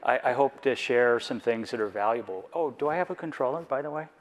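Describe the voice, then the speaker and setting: A man's voice: mid-range voice, animated, brisk. Earnest man giving a reflective talk. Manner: earnest, personal, reflective, with rhetorical questions. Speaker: board member giving a conference talk.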